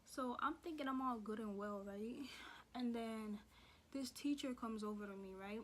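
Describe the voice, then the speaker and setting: A woman's voice: on the high side, moderate pace, a little hiss or hum. A young woman telling a story from her school days in a sassy, profane, slang-heavy way. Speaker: vlogger. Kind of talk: casual storytime.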